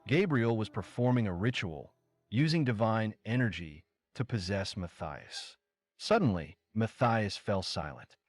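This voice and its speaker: A man reads out a story recap as scripted narration, moving briskly from line to line. His voice sits on the low side, but his intonation rises and falls a lot. He voices every character himself. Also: lively intonation, no echo.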